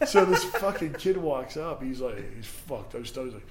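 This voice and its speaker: A man's voice: medium pitch, normal speed, faint music behind. Man telling wild party stories. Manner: profane, laughing, animated anecdotes. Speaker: guest DJ. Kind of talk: casual storytelling. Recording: echoey room, faint ambient noise.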